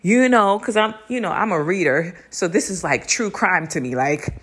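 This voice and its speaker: A young woman hosting a podcast, telling a story in a casual, animated way, cursing freely and laughing between lines. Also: fairly low pitch, moderate pace, breathy edge. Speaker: podcast host.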